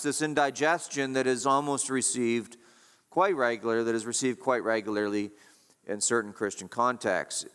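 A man's voice: mid-range voice, a bit bright, clear, resonant tone. A man preaching a sermon as pastor, asking rhetorical questions and repeating his points with emphasis. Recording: long hall reverb.

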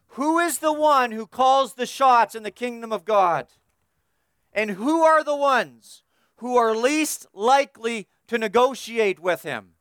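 High, smooth-voiced male preacher. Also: fairly bright tone, dry recording, clean studio sound. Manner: emphatic, repetitive, building through lists. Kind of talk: expository sermon.

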